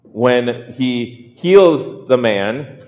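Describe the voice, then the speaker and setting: A man's voice: medium pitch, lively intonation, extremely slow, darkish tone, in a large hall. A man preaching a sermon, earnest, often repeating words as he builds a point. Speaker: pastor.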